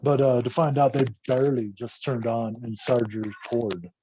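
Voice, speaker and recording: A man talks in a warm, relaxed tone and tells an army story loosely and animatedly, with plenty of swearing. Faint noise hums under his voice. The talk is casual, the kind you hear from a guest on a podcast. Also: medium pitch, moderate pace, poor audio. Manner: profane, animated war-story telling.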